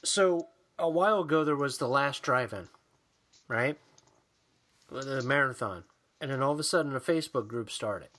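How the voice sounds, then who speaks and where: A man's voice: mid-range voice, animated, normal speed, pauses often, bright, forceful tone. A man co-hosting a podcast in casual, profane chat, ranting and mocking people in put-on voices. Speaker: podcast co-host.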